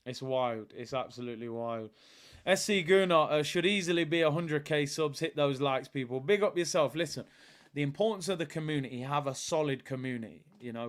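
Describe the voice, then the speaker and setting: A man hosting a live football watchalong, chatting casually and shouting out viewers. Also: mid-range voice, clear, resonant tone. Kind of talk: live football chat reading viewer comments.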